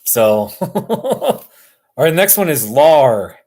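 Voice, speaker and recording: A man hosting a live stream from his couch, chatting casually in a relaxed, rambling way and chuckling often. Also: a little high, slow pace. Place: sitting on a couch at home.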